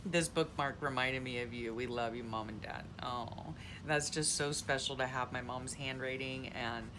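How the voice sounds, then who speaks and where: A middle-aged woman who hosts a journaling channel chats casually while flipping through her journal. Her voice is a low rumble, she giggles a lot and fills her talk with ums and exclamations, and there's background noise.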